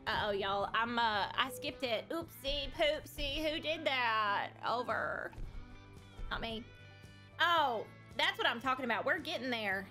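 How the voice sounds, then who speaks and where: A woman voicing a loud, flirty trucker from the South who calls everyone babies. Her voice is bright and on the high side, with a drawling, crude, good-humoured manner. In-character game-stream chatter. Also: expressive, a little slow, soft background music.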